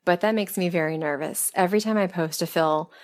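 A woman from the American South, a little hoarse, chatting candidly about writing and performing audio scripts in a relaxed question-and-answer style. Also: fairly low pitch, a little fast. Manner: chatty and candid, laughing softly, self-deprecating. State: losing her voice. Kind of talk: casual interview-style Q&A monologue.

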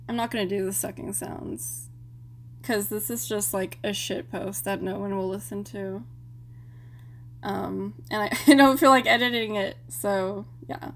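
A woman's voice: mid-range voice, fairly even intonation, a little slow, creaky. A woman making casual, self-mocking asides, laughing at her own slips.

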